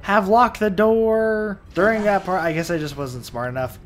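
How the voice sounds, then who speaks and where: A man's voice: high-pitched, normal speed, slight background noise. A man doing casual let's play commentary, tired and yawning, rambling and talking to himself with frequent restarts.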